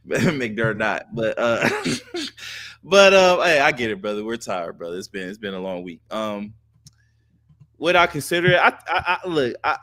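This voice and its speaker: Blunt, bright-voiced podcast co-host man. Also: on the low side, very animated, a little slow, no echo. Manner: blunt, profane, repeats himself for emphasis. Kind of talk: casual sports chat.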